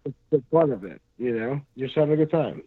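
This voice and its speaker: A man, a pro wrestler, chatting casually on a podcast in a rambling, halting way full of fillers. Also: medium pitch, expressive, breathy edge. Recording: dry, phone-like lo-fi sound.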